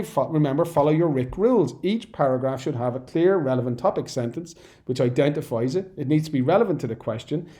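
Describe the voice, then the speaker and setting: A mellow, warm-toned man giving an exam-prep lesson. He reads out sample answers and stops often to comment in a relaxed, conversational way. His pitch sits in an ordinary middle range. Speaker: teacher.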